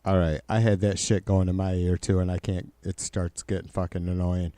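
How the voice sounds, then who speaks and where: Male live streamer, profane, rambling, smooth clear voice, dry close sound. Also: low-pitched, level tone, moderate pace, warm tone, no echo. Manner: profane, rambling with frequent restarts. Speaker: live streamer reading chat. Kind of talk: casual political commentary stream.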